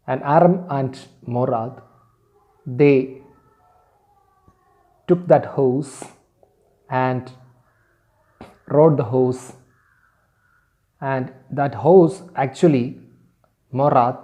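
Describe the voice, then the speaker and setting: A male teacher giving an online class, explaining a story slowly with hesitant fillers. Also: mid-range voice, dark tone.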